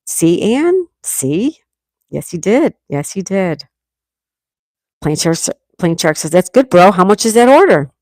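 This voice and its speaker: A woman's voice: lowish voice, very animated, a little slow, darkish tone, no echo. Chatty woman in her sixties, dry sound. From New York State. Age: 60s. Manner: chatty, reads viewer comments aloud, laughs often. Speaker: livestream host. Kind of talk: casual live chat reading comments.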